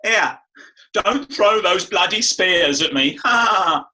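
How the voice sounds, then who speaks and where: A man putting on a rowdy rock star who calls out in a loud, high, taunting voice. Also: lively intonation, takes it slowly, distant mic, exaggerated voice. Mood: teasing. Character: rowdy rock-star man doing a mock accent, teasing.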